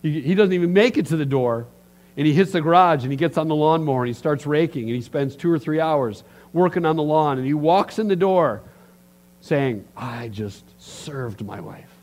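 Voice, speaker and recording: Middle-aged male pastor, slightly high voice, animated sermon storyteller. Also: brisk.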